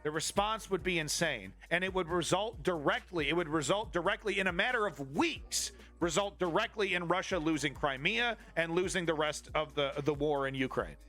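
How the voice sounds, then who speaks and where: A man's voice: fairly high pitch, moderate pace, bright, forceful tone. A man ranting about politics on a live stream, profane and flippant, often restarting his sentences. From Canada.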